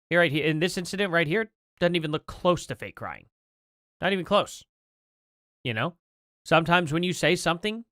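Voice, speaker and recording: A man's voice: on the high side, a bit bright, no room sound, clean studio sound. A man hosting a livestream, talking through his opinions in a rambling, conversational way with lots of fillers. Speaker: livestream host. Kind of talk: casual commentary.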